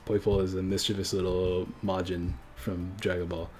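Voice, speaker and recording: A man's voice: sits low, level tone, moderate pace, a little mellow, faint music behind. A man from a French-speaking country chatting casually on a livestream, rambling and correcting himself as he goes, with frequent chuckles. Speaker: streamer.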